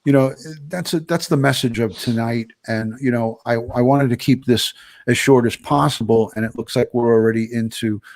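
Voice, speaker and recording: A man hosting a live stream, speaking haltingly with many fillers and restarts. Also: medium pitch, a little mellow, no room sound.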